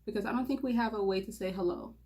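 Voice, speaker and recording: A woman's voice: mid-range voice, quick pace, warm tone. Young woman, nervous and giggly, rambling casual vlog talk, stumbles and restarts. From Mauritania. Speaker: channel host.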